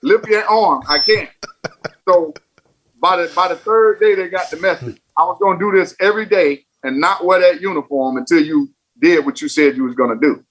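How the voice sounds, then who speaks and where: A man's voice: high-pitched, moderate pace, poor audio. A man and former baseball player, a podcast guest, telling stories emphatically and repeating phrases for effect. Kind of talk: casual podcast interview.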